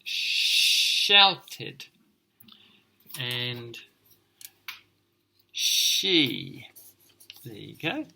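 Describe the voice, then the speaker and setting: A male teacher reading a picture book aloud to children, expressive and encouraging as he points things out. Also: mid-range voice, slow pace, gravelly.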